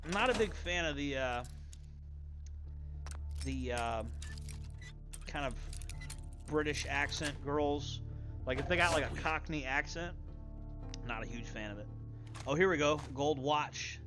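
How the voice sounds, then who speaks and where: A man's voice: on the high side, measured pace, long pauses, music in the background. A young man streaming a game, rambling and swearing casually as he plays. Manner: rambling, profane, muttering to himself. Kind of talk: casual gameplay commentary.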